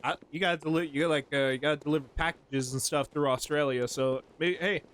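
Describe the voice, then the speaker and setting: A man in his twenties talks to his viewers while playing a game, rambling from one thought to the next. His speech is slangy and relaxed, broken up by frequent laughs, and his voice sits a little higher than most men's. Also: fast talker, a little hiss or hum. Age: 20s. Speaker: streamer. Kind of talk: casual gameplay commentary to chat.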